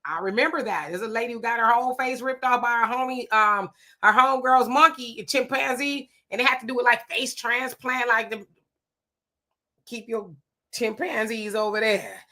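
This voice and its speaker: Bright casual woman livestream host. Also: on the high side, normal speed. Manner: laughing, playful, reads viewer comments aloud. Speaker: livestream co-host reading chat. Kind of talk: casual chat.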